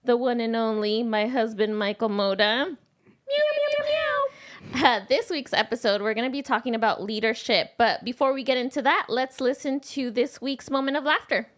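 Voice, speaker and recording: A woman hosts a podcast in a playful, bubbly way. Her voice sits a little high. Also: steady tone, brisk, few pauses. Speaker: podcast host. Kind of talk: casual podcast chat.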